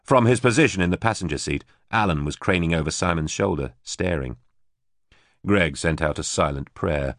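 Man, audiobook narration, low voice, measured, dry close recording. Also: dry recording. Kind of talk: scripted narration.

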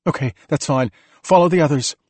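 A man voicing a tough woman leader who shouts urgent orders during a crisis. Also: a little high, fairly quick, no room sound, pitched above the performer's own voice, natural voice. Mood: firm.

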